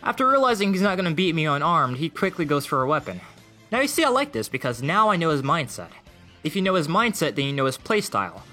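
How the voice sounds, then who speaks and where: A young man giving deadpan, mocking commentary over gameplay clips. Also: on the high side, fast. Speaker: gaming video creator. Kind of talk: sarcastic gaming commentary. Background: faint music.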